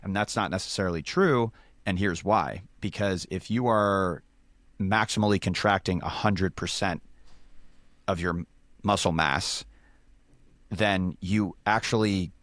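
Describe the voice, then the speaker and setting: Deep-voiced guy breaking down sports science, lots of "like", dry close sound. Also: unhurried, a bit bright, no echo. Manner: explains step by step with many "like" fillers. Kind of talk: casual explanatory chat.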